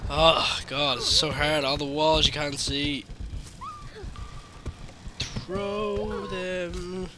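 A man giving casual gameplay commentary, excitable and foul-mouthed, cooing at the game's creatures and yelping at sudden scares. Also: on the high side, drawn-out words, background noise. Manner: excitable, swears freely, baby-talks to game creatures, sudden yelps. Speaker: gaming channel host. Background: game music.

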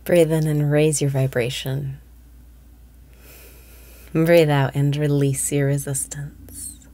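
A woman's voice: sits low, level tone, slow, warm tone. A woman guiding a meditation, giving half-whispered breathing cues and speaking with blunt, profane, self-deprecating candor. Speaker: meditation guide. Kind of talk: guided meditation.

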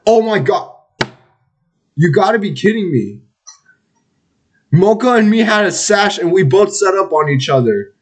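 Male gamer, playful ribbing tone, very animated pitch. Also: unhurried, long pauses. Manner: teasing, playful trash talk. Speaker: online game player. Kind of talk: casual voice chat while gaming.

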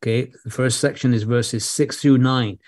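A man preaching an expository sermon in a measured way, leaning hard on key phrases and now and then repeating words. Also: mid-range voice, fairly even intonation, darkish tone, dry recording, clean studio sound.

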